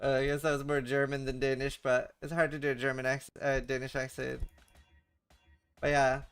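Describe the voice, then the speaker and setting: A man's voice: medium pitch, flat delivery, normal speed, a bit bright, clear, resonant tone, no room sound, faint music behind. A man streaming a video game, chatting casually, muttering to himself, swearing and stammering. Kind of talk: casual livestream chat while gaming.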